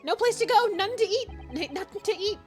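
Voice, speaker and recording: A woman's voice: extremely high pitch, animated, quick pace, faint music behind, pitched above the performer's own voice. A woman reading game lines aloud and voicing a boisterous, generous Victorian Irishman in an exaggerated mock Irish brogue. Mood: jovial. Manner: hammy, sing-song, exaggerated brogue.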